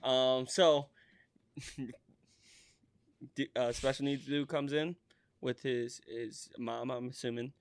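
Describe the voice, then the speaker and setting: A man in his thirties co-hosting a casual podcast, telling animated stories, often laughing and acting out voices. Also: mid-range voice, takes it slowly, long pauses, smooth. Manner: animated storyteller, laughs a lot, acts out voices. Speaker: podcast co-host. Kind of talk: casual chat.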